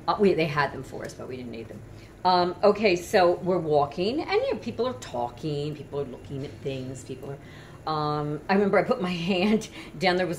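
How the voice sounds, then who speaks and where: A woman recounts her travels in an easygoing, rambling way. She keeps stopping to restart her sentences and fill the gaps with ums. Her voice sits a bit low, with faint noise in the background. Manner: chatty, many fillers and restarts. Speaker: travel vlogger. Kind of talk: casual storytelling.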